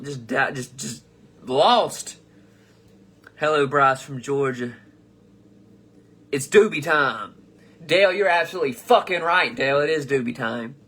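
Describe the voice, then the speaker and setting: A young man with a bright, forceful voice that sits a little high hosts a casual livestream. He reads viewers' comments aloud and riffs on them, rambling and swearing freely. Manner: rambling and profane, with frequent restarts. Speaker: comedian host of a live show.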